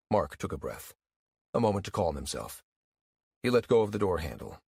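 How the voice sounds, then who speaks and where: A man narrating a first-person audiobook in a weary, wry, even-paced storytelling manner. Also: on the low side, normal speed, dry recording, studio quality.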